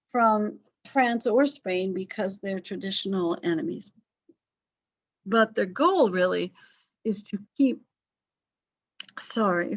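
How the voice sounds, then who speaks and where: Woman history instructor, casual lecture over video call, filler-heavy, slightly dull audio. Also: medium pitch. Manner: conversational, apologetic asides, frequent fillers. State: coughing, yawning. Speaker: history teacher. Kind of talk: online class lecture.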